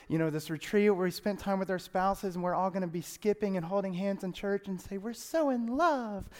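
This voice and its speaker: A man's voice: high-pitched, a bit bright. A man preaching as a youth pastor in a church, chatty and playful, often laughing as he talks. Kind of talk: casual humorous sermon. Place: church sanctuary. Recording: echoey church hall.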